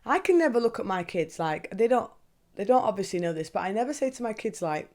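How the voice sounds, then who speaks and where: A young woman hosting a podcast, talking casually and candidly, swearing freely and asking herself questions out loud. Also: medium pitch, big pitch swings, fast. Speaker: podcast host. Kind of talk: casual monologue.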